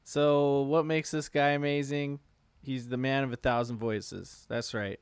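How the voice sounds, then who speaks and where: A man's voice: mid-range voice, little pitch movement, unhurried, smooth, dry recording. A man hosting a casual podcast chat, laid-back, laughing often and swearing freely. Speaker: podcast host.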